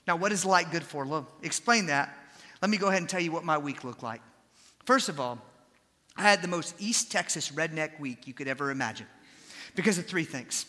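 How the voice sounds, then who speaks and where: Young man, preacher, sermon, lively folksy storytelling, high bright voice, long hall reverb. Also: a little fast. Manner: animated storytelling, folksy asides.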